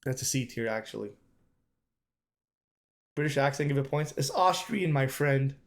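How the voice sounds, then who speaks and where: A man's voice: mid-range voice, animated, moderate pace, gravelly. A man streaming live, giving casual, emphatic commentary and repeating his points, often calling the chat "bro".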